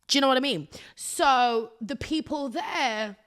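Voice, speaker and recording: A woman's voice: high voice, a little slow, a bit bright. A woman hosting her own podcast, telling stories in a rambling, self-mocking way with sudden drops to a whisper. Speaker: podcast host. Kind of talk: casual solo podcast chat.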